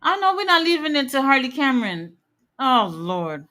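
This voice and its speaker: A woman's voice: high-pitched, big pitch swings, moderate pace, pushed and bright. A woman hosting a live wrestling watch-along, chatting casually, reading out chat messages and giving blunt, opinionated takes with the odd curse word.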